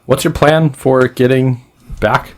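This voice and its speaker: A man narrating a tabletop role-playing game as game master, telling the story in an animated way. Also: mid-range voice, slow.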